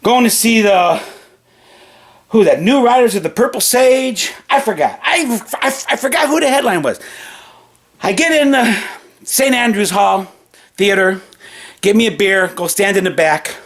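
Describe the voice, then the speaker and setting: A man's voice: high voice, animated, measured pace, pauses often, a bit bright. Profane man spinning a yarn. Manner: profane, emphatic, repeats and restarts. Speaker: storyteller. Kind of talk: casual spoken anecdote.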